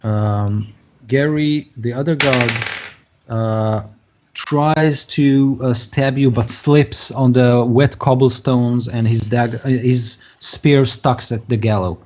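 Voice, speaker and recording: A man narrating as game master of a tabletop game, halting and full of filler sounds. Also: mid-range voice, steady tone, darkish tone. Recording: dull lo-fi recording.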